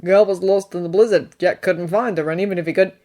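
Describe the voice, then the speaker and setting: Woman reading easter bunny guardian, male, wry, firm, gentle, near her own pitch. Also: fairly even intonation, fast talker, lightly acted.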